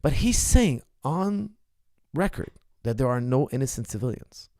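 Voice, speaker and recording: On his ask-me-anything livestream, a martial arts coach with a dark-toned, medium-pitched voice speaks a little slowly but very animatedly. He argues passionately and keeps firing rhetorical questions at viewers, recorded at studio quality with no echo.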